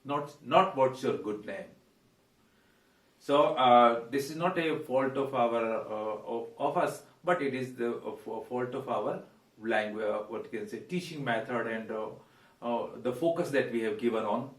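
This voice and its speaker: Male English tutor, mid pitch, filler-heavy, roomy distant sound. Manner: hesitant, many fillers, repeats words slowly. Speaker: English teacher. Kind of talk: pronunciation lesson. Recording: echoey room, voice away from mic.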